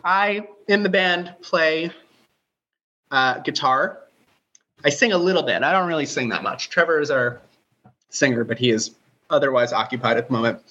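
A young man with a relatively high, nasal voice, chatting animatedly as a guest on a remote interview. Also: dull audio. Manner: fast, animated, talkative, self-deprecating. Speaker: guitarist and songwriter, guest. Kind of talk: casual interview chat.

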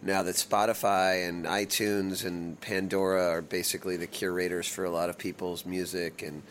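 A middle-aged man with a lowish voice talks loosely about the music business. He restarts his sentences and fills them with "like" and "you know". A faint hiss of room noise sits under his voice. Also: little pitch movement, normal speed, fairly bright tone. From United States. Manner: rambling, many restarts and fillers. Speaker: touring band musician. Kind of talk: casual interview talk.

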